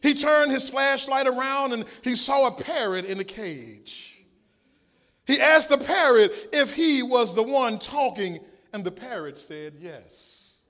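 High-voiced slow-preaching pastor, man. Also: a bit bright. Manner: call-and-response preaching, drawn-out scripture quotes. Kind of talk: sermon.

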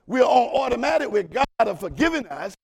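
A man preaching a sermon in a colloquial way, talking straight to the congregation and swinging between loud shouts and quiet murmurs. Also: extremely high pitch, very animated, a little fast, vocal fry, breathy edge.

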